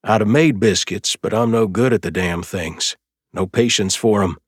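A man doing a calm, folksy older brother. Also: lowish voice, moderate pace, breathy edge, no echo, studio quality. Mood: easygoing. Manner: easygoing, steady, folksy.

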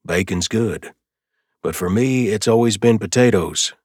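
A man voicing a caring, plainspoken older brother who talks in an easygoing, steady way. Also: on the low side, measured pace, slightly rough, dry recording, studio quality.

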